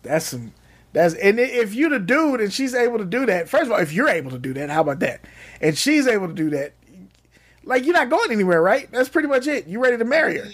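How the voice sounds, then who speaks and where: High-pitched guy in his 30s, bouncy voice all over the place, crude joking banter. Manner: animated, joking, quick rises into laughter. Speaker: podcast co-host.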